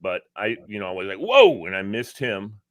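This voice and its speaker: A man from Virginia, co-hosting a casual talk show, telling an animated story and acting out the quotes. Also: fairly low pitch, brisk, no room sound, studio quality. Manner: animated, acts out quotes, laughs often. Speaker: podcast co-host.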